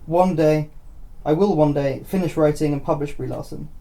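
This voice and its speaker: Gravelly man reading pieces aloud. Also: on the high side, fairly even intonation, normal speed, mellow. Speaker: podcast host reading stories.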